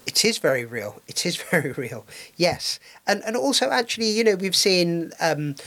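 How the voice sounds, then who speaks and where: A man's voice: high voice, sing-song, normal speed, sharp tone. A man co-hosting a casual radio chat, talking with many ums and restarts. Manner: hesitant, many fillers and restarts. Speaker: radio co-host.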